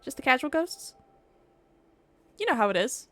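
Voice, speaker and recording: A woman's voice: sits high, very animated, moderate pace, pushed and bright, dry recording. Giggly young woman streamer, chatty. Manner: chatty and giggly, laughs often between remarks; rambling, with frequent restarts and fillers. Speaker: game streamer. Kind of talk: casual gameplay chat.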